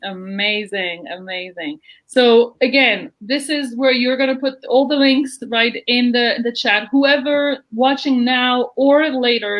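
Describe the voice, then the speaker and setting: An online interview show host, speaking from her Jerusalem home over a live video call, sounds effusive and gushing. Her voice is a little high and a bit bright, and the recording quality is low.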